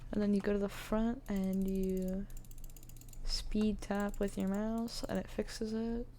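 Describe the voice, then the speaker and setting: A woman's voice: medium pitch, level tone, slow pace, dark tone, a little hiss or hum. A woman giving a casual screen-recorded tutorial, chatty and thinking aloud with many fillers, with the hiccups. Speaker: 3D modeling tutor.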